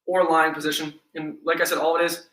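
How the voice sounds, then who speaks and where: A man's voice: a little high, flat delivery, brisk, pushed and bright. A man leading a live-streamed workout class, upbeat and encouraging, counting reps aloud and a little out of breath. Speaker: fitness instructor. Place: indoor room, home workout stream. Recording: echoey room, distant mic.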